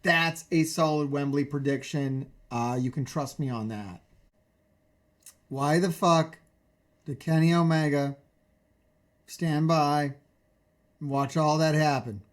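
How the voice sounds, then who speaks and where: Streaming, this man tears into a wrestling show with profanity and excitement, constantly asking questions in disbelief. His pitch is fairly high, and he doesn't rush.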